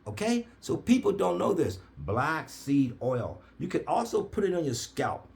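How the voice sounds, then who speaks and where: A man telling an animated story in a preacher-like cadence, acting out quoted voices with big jumps in pitch. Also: a little slow, creaky. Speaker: herbal oil seller.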